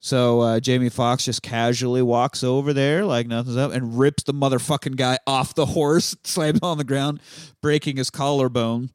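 A man's voice: medium pitch, steady tone, normal speed, smooth, dry recording, clean studio sound. A man hosting a podcast, telling a movie's story in a loose, joking, profane way. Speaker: podcast host recapping a film. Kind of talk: casual profane chat.

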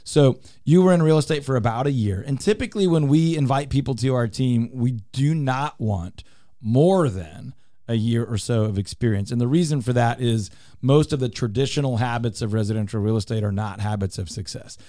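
A man's voice: mid-range voice, normal speed, warm tone, no room sound. Upbeat man hosting a studio radio show. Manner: upbeat, teasing, salesy. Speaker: radio show host and real estate team leader. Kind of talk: casual radio talk.

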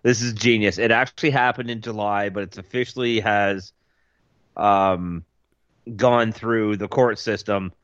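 A man's voice: fairly low pitch, steady tone, a little slow, fairly bright tone, dry recording. A man co-hosting a podcast in casual chat, rambling with fillers and laughing often. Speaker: podcast co-host. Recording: dry, dull lo-fi podcast audio.

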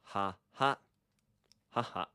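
A man co-hosting a casual podcast lesson, laughing often and slowly modeling Japanese phrases. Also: bright, forceful tone, no echo, clean studio sound. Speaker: Japanese language co-host.

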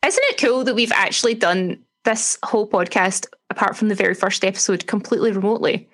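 A Scottish woman co-hosting a podcast, friendly and lightly teasing, reading promos smoothly. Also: mid-range voice, a little fast, a bit bright. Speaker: podcast co-host. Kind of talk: casual chat.

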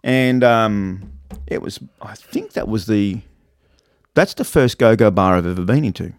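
Man, low voice, rambling travel story, dry close sound. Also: measured pace, dry recording. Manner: rambling, acts out quoted voices. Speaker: podcast co-host. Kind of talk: casual storytelling chat.

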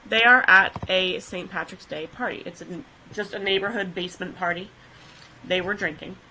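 A woman co-hosting a podcast, telling a case in a chatty, relaxed way with easy laughs and fillers. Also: medium pitch, normal speed, slight background noise, rough recording. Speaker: podcast co-host. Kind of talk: casual chat, telling a case.

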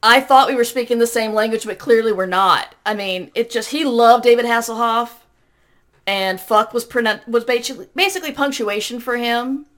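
A woman's voice: on the high side, moderate pace, a bit bright. A woman with a Southern American accent, co-hosting a casual podcast and telling chatty stories, often correcting herself mid-sentence. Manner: chatty, self-correcting anecdotes. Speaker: podcast co-host. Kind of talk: casual chat.

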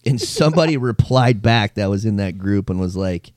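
Animated low-voiced man chatting. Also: normal speed, dry recording. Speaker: podcast co-host. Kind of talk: casual chat.

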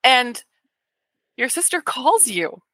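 A woman hosting a podcast interview who prompts her guest gently and affirms what they say. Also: high-pitched, very animated, slow, no echo. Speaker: podcast host. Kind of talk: interview conversation.

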